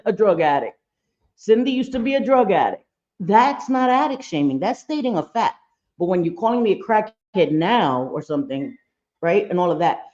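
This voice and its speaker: A woman's voice: mid-range voice, darkish tone, dull audio. A woman hosting a live reaction stream, talking bluntly and profanely and getting fired up.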